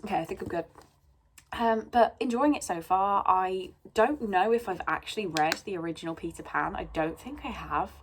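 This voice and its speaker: A woman's voice: mid-range voice, moderate pace. A young woman vlogging casually about her reading, rambling with lots of ums and a bit sneezy. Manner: chatty, rambling with many ums. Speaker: book vlogger. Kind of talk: casual chat.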